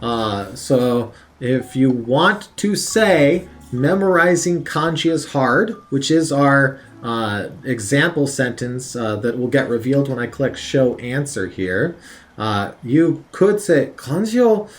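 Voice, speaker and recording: A man's voice: mid-range voice, lively intonation, slow. A man thinking aloud as he studies vocabulary, repeating words over and over with many fillers, at his work computer on a lunch break. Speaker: language learner studying on video. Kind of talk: casual study commentary.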